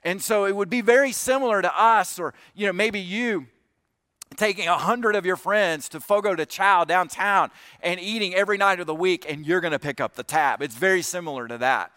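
A man's voice: sits high, brisk, bright, forceful tone, no room sound. A man preaching a conversational sermon, speaking earnestly and directly to his congregation, often restarting his phrases. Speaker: pastor.

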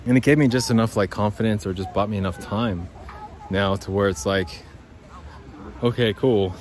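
A man's voice: fairly low pitch, normal speed, a little mellow, slight background noise. A man rambling and swearing through a podcast monologue as he walks outdoors by a creek. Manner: rambling, profane, talks to listeners as guys. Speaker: podcast host. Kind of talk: rambling walk-and-talk monologue.

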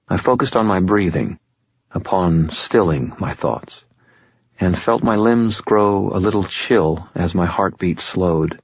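Low-voiced man narrating an audiobook. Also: husky, dry recording, highs cut off. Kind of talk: first-person audiobook narration.

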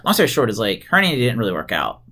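A man tells stories in a casual chat, talking fast and loose. His pitch swings up and down a lot as he gets animated. He swears freely and laughs through his own punchlines. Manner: animated, profane, laughs while telling stories.

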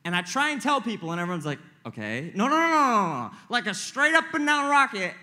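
A young man preaching a casual, joking sermon to a live group as a youth pastor, excitable and full of slang. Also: very high voice, fast.

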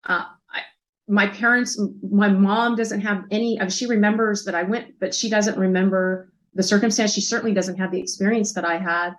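A woman in her fifties telling a personal story as an interview guest, soft and reflective, pausing often with hesitant fillers. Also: mid-range voice, fairly even intonation, low-quality recording.

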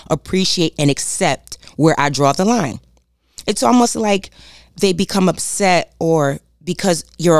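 Low-voiced woman giving an emphatic pep talk. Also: dry recording, clean studio sound. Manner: preachy, emphatic, repeats key phrases; addresses listeners directly as "y'all". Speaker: self-help speaker. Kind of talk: motivational talk.

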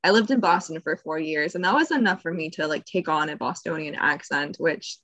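A woman's voice: deep voice, brisk, fairly bright tone, no room sound. A woman co-hosting a podcast, explaining things in a casual, chatty way, laughing often and drifting into side tangents. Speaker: podcast co-host.

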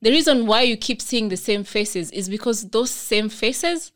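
A woman's voice: fairly high pitch, lively intonation, moderate pace, fairly bright tone. A young Kenyan woman with a Kenyan accent, hosting a casual podcast chat and explaining her points earnestly. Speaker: podcast host.

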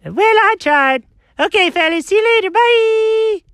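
A man voicing an excitable, goofy young guy who loves telling silly jokes in a homemade comedy skit. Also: unhurried, no room sound, studio quality, heavily acted. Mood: chirpy. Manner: squeaky, bouncy, silly.

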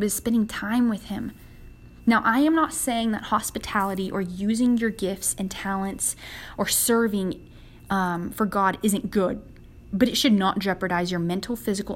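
A young woman leads an earnest devotional for a women's podcast audience. Her delivery is conversational, and her voice sits at an everyday mid pitch. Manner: earnest and conversational, acts out quoted prayers. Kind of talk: casual devotional talk.

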